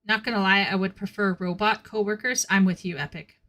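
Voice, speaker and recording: A woman's voice: medium pitch, steady tone, a little fast, a bit bright. A woman hosting a casual live stream and talking freely with her chat. Her voice sits in an ordinary middle range, and she is blunt and candid, often laughing at her own remarks.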